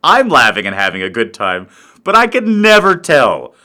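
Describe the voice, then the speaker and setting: Animated, crude comic rambler, a man. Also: mid-range voice, normal speed. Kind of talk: crude comic monologue to a live online audience.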